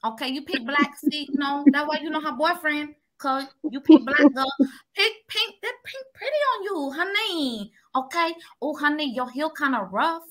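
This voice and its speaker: A woman's voice: high voice, moderate pace, a bit bright, pitched above the performer's own voice. A woman voicing a chatty nail salon worker with a put-on foreign accent, sing-song and coaxing.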